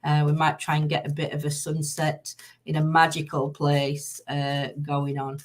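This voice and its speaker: A woman's voice: low-pitched, completely flat delivery, moderate pace. A middle-aged woman with a Northern English accent hosting a casual live stream. She rambles through lots of fillers, reads oracle cards and greets her viewers by name.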